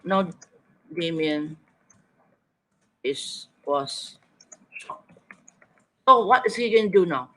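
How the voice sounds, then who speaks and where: A man leads an online writing lesson, prompting students to answer in the chat. He thinks out loud and reads their suggestions back to them. His voice sits a little high for a man. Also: expressive, slow pace, long pauses, a little hiss or hum, low-quality recording. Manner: coaxing, thinking aloud, repeating students' answers. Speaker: teacher.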